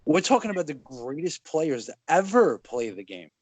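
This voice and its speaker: Relaxed man with a chuckle in his voice. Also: fairly high pitch, normal speed. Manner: relaxed, chuckling, loose phrasing. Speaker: podcast co-host. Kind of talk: casual sports chat.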